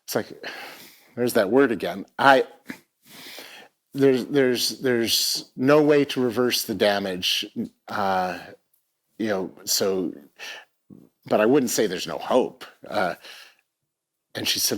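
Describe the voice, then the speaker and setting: A man's voice: lowish voice, a bit bright. Reflective middle-aged man telling a story. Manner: reflective, halting, repeats words. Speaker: festival speaker. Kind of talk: personal storytelling talk. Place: theatre stage at a live arts event.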